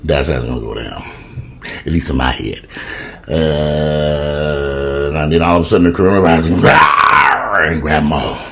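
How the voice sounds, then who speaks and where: A man's voice: very deep voice, normal speed, creaky, raised voice, heavy background noise. A man in his fifties ranting profanely and animatedly in a casual home vlog, filming himself on a camera in his kitchen. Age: 50s. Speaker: vlogger.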